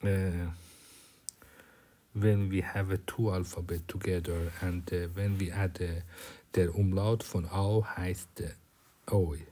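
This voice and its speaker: Slow, halting man teaching German. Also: deep voice, level tone, warm tone. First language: Persian. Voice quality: drops to a whisper at times. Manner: halting, many fillers and restarts, switching between German and English. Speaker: language teacher. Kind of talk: recorded German lecture.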